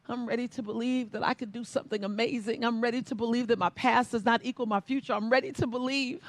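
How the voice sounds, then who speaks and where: A woman's voice: a little high, fast talker, few pauses, no echo. A woman giving an inspirational stage talk, telling a story and leading the audience in chanted call-and-response like a preacher. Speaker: motivational speaker.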